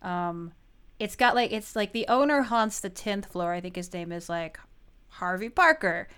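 A woman's voice: medium pitch, animated, normal speed, a bit bright, clear, resonant tone. A woman in her thirties co-hosting a podcast, telling a story in a giggly, rambling way, full of "like"s. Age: 30s. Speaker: podcast co-host. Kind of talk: casual chat.

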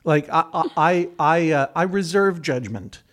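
A man's voice: on the high side, lively intonation, a little slow, a bit bright. A middle-aged man, a guest judge on a comedic podcast, talking in a wry, rambling way with many restarts.

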